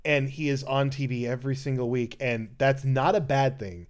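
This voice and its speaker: A man of middle pitch hosts a casual podcast and reads listener questions aloud. He rambles with enthusiasm and trades banter with his co-host. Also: normal speed. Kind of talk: casual chat.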